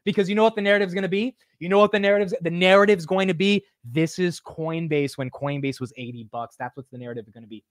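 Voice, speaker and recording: A man hosting a live market-close stream, excitable and exclamatory, swearing as prices move. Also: high-pitched, quick pace, few pauses, dry recording. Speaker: host.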